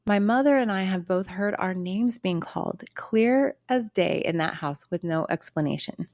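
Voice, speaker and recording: A woman co-hosting a paranormal podcast, chatting casually and reading a listener's story aloud in an earnest, steady way. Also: mid-range voice, normal speed, dry recording, studio quality. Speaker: podcast co-host.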